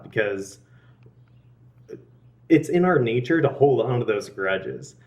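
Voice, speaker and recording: Heard from a distance, a young man speaks at normal speed with a medium, animated voice. His earnest, casual faith story is full of laughs, fillers and false starts.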